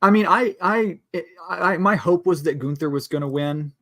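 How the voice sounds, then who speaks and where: A man's voice: a little high, moderate pace, a bit bright, dry recording, studio quality. A man co-hosting a podcast, chatting casually and trailing off into restarts. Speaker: podcast co-host. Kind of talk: casual chat.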